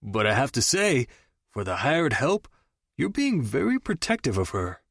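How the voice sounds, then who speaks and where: A man's voice: mid-range voice, wildly swooping pitch, moderate pace, a bit bright, slightly rough, no room sound, clean studio sound, pitched above the performer's own voice, exaggerated voice. A man voicing a cocky young best friend who talks in smug, joking banter, in an audiobook. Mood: teasing.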